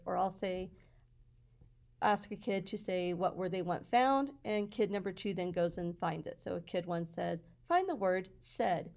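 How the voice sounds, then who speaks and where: A woman teacher walking through her classroom slides in a patient, explanatory way, sounding out words slowly. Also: fairly low pitch, a little mellow.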